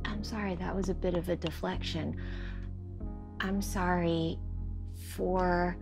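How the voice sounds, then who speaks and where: A woman playing in a tabletop game, talking in character, hesitant and apologetic with many restarts. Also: fairly low pitch. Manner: hesitant and apologetic, then loud. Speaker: player.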